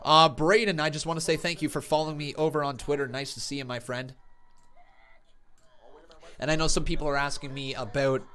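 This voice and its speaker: A man hosting a casual live reaction stream. He chats with viewers and bursts into excited play-by-play shouts, and a sore tongue slightly alters his speech. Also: a little high, fairly quick, pauses often, clear, resonant tone.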